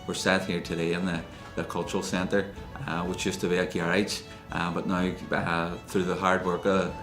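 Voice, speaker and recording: A man giving a measured interview, pausing often with fillers. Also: low-pitched, level tone, echoey room, over music. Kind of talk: interview talk.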